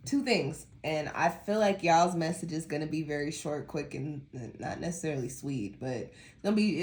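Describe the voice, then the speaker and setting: A woman's voice: low-pitched, darkish tone. A woman giving a casual monthly tarot reading to her viewers, chatty and rambling, with a stuffy nose from allergies. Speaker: tarot reader.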